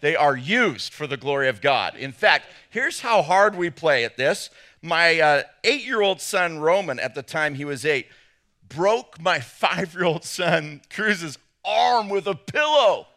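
A middle-aged man preaching a humorous sermon, animated and jokey, acting out little voices. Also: a little high, unhurried. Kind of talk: humorous sermon to a men's gathering.

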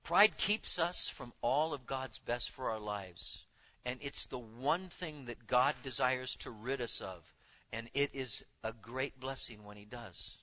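A man preaching a sermon to his congregation, speaking with animated emphasis and now and then acting out the voices he quotes. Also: mid-range voice, a little slow, dull audio. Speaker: pastor.

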